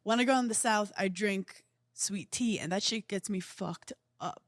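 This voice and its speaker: A woman's voice: mid-range voice, normal speed, no room sound, clean studio sound. A woman in her thirties with a New York accent, a comedian guest joking and teasing in a casual podcast chat. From New York area.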